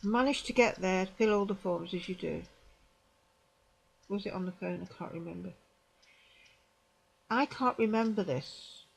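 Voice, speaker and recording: A woman in her sixties with a British accent, telling a personal story to camera in a halting, repetitive way, often restarting her sentences. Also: mid-range voice, creaky, slight background noise, poor audio. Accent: British English. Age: 60s. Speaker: vlogger.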